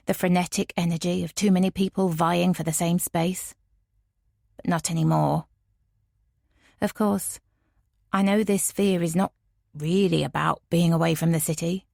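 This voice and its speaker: A woman narrating a first-person audiobook in a measured, tense way. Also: lowish voice, gravelly, mellow, no echo, studio quality.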